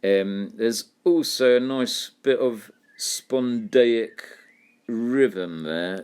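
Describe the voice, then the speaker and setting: A man teaching a poetry lesson, explaining terms and reading lines aloud slowly. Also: mid-range voice, darkish tone, smooth.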